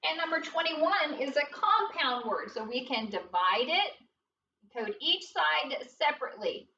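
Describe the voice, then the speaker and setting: A woman teaching a phonics lesson to young children, spelling words slowly and prompting them with encouragement. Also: high-pitched, very animated, bright, forceful tone, a little hiss or hum. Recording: dull, roomy sound from a distance.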